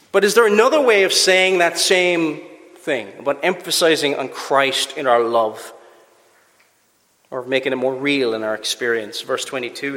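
A man's voice: a little high, pushed and bright. A man preaching a sermon, emphatic and asking the congregation rhetorical questions. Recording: echoey church hall with long reverb.

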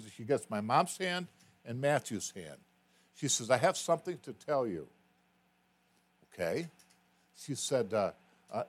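A male preacher delivering a sermon, his pitch swinging widely as he tells a personal story. He repeats words and builds to emphatic peaks, then drops soft and low. His voice sits at an ordinary middle pitch.

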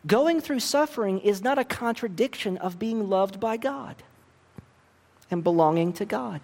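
A man's voice: sits high, animated, a little slow, creaky, darkish tone. A man preaching a sermon earnestly, with emphatic rises in his voice. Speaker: pastor. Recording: long reverb of a large hall.

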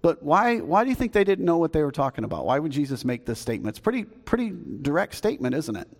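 A Southern US pastor gives a sermon in a church sanctuary, talking fast in a slightly high voice with wide pitch swings. He's folksy and conversational, quizzing the congregation as he goes. The recording has a long hall reverb.

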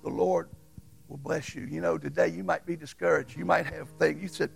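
A man preaching a folksy, storytelling sermon as pastor in a church, swinging between loud and hushed. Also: a little high, steady tone, normal speed, vocal fry, soft background music. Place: church sanctuary.

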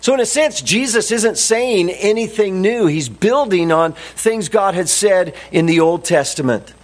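A man preaching a sermon as a pastor, deliberate and emphatic, repeating his key phrases. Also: high-pitched, expressive.

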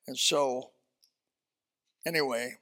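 A man preaching a sermon as pastor, animated and folksy, swinging from loud emphasis to quiet asides. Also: mid-range voice, takes it slowly.

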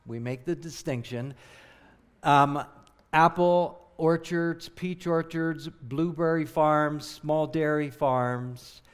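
A middle-aged man from southern New Jersey, a missionary preaching a sermon in an earnest, emphatic way that builds to excited peaks. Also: fairly high pitch, slow pace, smooth.

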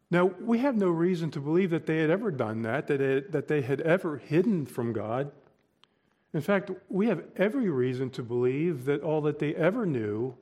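A man preaching a sermon, deliberate and emphatic, pausing between short phrases. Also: on the high side, darkish tone. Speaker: pastor.

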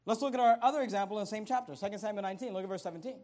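Storytelling male pastor, loud peaks. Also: high voice, racing. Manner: conversational storytelling, building to loud emphatic peaks. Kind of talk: sermon.

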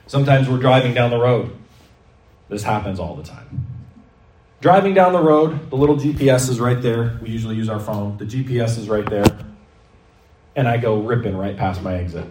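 A man preaching a sermon, telling stories in a lively way and acting out the voices he quotes. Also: medium pitch, moderate pace, long pauses. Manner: animated storytelling preacher, acts out quoted voices. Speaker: pastor. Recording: echoey hall, mic at a distance.

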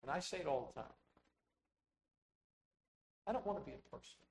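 A man preaching a sermon, telling rambling personal stories full of quoted dialogue in an animated way. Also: on the high side, brisk, rough recording. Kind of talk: sermon storytelling.

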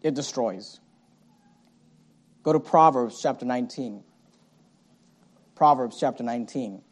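A male pastor preaching a sermon, swinging from loud, punchy lines to quiet asides and mimicking his listeners' excuses. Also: mid-range voice, normal speed.

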